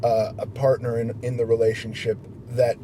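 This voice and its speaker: Mellow-voiced man in candid talk. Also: mid-range voice, little pitch movement, slight background noise. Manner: candid, reflective, halting with restarts. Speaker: guest. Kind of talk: casual chat.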